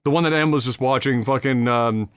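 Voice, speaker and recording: A man's voice: medium pitch, a little fast, a bit bright, smooth, no room sound, clean studio sound. A man co-hosting a casual podcast, laid-back and profane, laughing along with his co-host.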